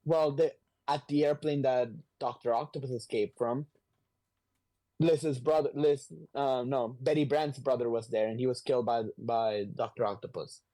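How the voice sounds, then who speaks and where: A man hosting a podcast, casually retelling a comic book story in an animated, rambling way. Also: medium pitch, moderate pace.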